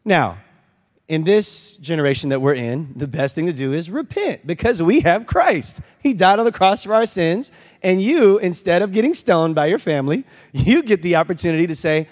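A young man delivers a sermon from the pulpit, slipping into stories and acting out the scenes as he goes. His voice sits a little higher than most men's, and a long reverb from the large church hall trails after his words. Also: moderate pace. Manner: storytelling, animated, acts out scenes. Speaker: pastor. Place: church sanctuary.

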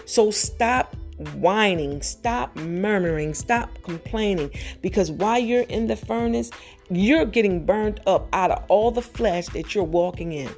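Preaching on a podcast with faint music behind her, this woman speaks in a mid-range, darkish voice. She fires off rapid rhetorical questions and climbs toward urgent, emphatic high points.

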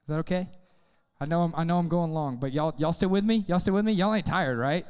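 High, clear-voiced youth preacher. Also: male voice, fast, big-room sound. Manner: energetic, casual, call-and-response with youth. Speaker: youth pastor. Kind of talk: sermon.

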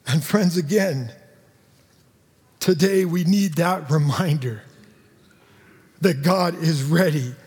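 A male pastor giving a sermon, earnest and sing-song, dropping to quiet emphasis. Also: a little high, slow, pauses often, breathy edge. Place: church sanctuary. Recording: long hall reverb.

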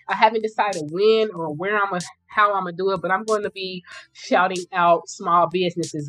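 A woman's voice: lowish voice, fairly bright tone, rough recording. Chatty woman podcast host, casual. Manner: chatty, informal, addresses listeners as y'all. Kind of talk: casual solo podcast talk.

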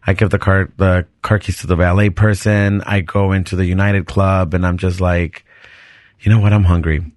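Male podcast host, lowish voice, dry close sound, animated casual storyteller. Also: normal speed, no echo. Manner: animated, chatty, restarts sentences and laughs often.

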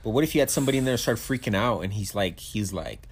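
A man's voice: lowish voice, animated, fast talker, slight background noise. A man co-hosting a podcast, joking and speculating in casual chat and swearing freely. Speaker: podcast co-host.

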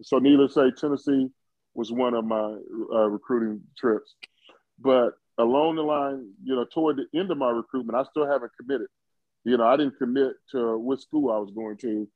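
A man's voice: medium pitch, fairly even intonation, moderate pace, dry recording. A man in his fifties from Ohio, a former football player telling a story in an interview, rambling with many fillers and chuckling often. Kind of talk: conversational storytelling. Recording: dull lo-fi dry recording.

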